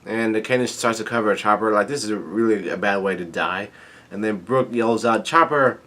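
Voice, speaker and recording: A man's voice: on the low side, fairly even intonation, brisk, fairly bright tone. A man giving a casual recap of a manga chapter, reading lines aloud with lots of fillers and restarts. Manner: rambling with many fillers and restarts. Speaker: manga chapter reader and reviewer.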